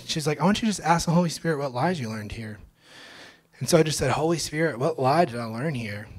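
A young man, a pastor, telling his testimony to a church congregation in a casual, slangy way, at times breaking into loud joyful shouts. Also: medium pitch. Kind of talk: testimony sermon. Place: church sanctuary.

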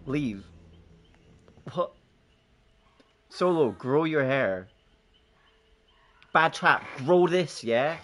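A man's voice: fairly high pitch, lively intonation, drawn-out words, pauses often, fairly bright tone, a little hiss or hum. A man casually chatting on a gaming live stream, joking, swearing and laughing often as he banters with friends and chat.

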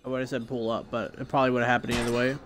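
Loud, crude male game streamer. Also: medium pitch, flat delivery, quick pace, background noise. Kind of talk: casual live commentary. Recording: game music loud behind him.

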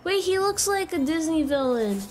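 A woman's voice: very high voice, animated, normal speed, a little mellow. A woman streamer giving casual, jokey commentary while playing a video game, swearing, laughing and yelping in panic. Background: game music.

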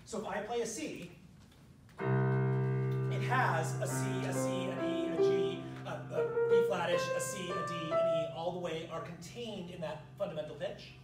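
A man's voice: sits high, fairly even intonation, moderate pace. A man presenting a music education workshop, explaining step by step and demonstrating on piano. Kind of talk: workshop lecture. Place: large room at a professional development session. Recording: echoey room, distant mic, piano.

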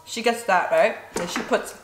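A woman's voice: medium pitch, normal speed. A Korean-born woman in her forties, a native Korean speaker, chatting casually and telling a story with lots of "you know" and "like". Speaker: vlogger. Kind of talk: casual storytelling during a mukbang. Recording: roomy room with faint background noise.

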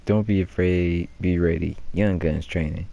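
A man's voice: sits low, steady tone, measured pace, vocal fry, dark tone. A man streaming a video game, casually reading posters aloud and joking and laughing at them. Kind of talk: casual let's-play commentary.

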